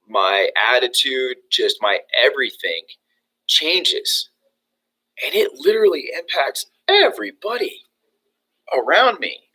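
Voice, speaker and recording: A young man coaching real estate agents in a lively motivational talk. His voice is bright and sharp, and he restarts sentences often with lots of ums and you-knows. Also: medium pitch, slightly rough, poor audio. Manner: energetic, acts out phone calls, many fillers and restarts.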